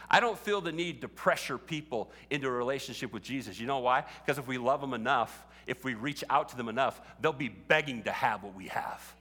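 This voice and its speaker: Bright-voiced pastor preaching in a reverberant hall. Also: male voice, mid-range voice, animated, brisk, few pauses. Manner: conversational, building to fervent exhortation. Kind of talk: sermon. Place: church sanctuary. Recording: long reverb of a large hall.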